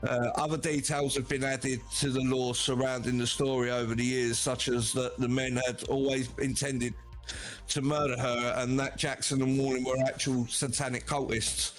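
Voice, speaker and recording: A man hosting a podcast, reading a horror story off his prompts with frequent "uh" pauses. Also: mid-range voice, little pitch movement, soft background music. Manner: halting, many "uh" fillers.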